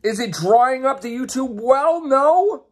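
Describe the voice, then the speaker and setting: A man's voice: very high voice, animated, takes it slowly. A man who hosts a YouTube channel and podcast, giving an exasperated, profane rant and repeating his questions. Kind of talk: angry ranting vlog.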